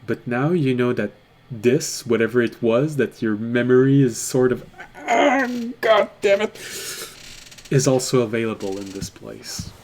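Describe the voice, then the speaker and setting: A man narrating a tabletop game as game master, deliberate and quick to laugh. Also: mid-range voice, a little mellow, a little hiss or hum.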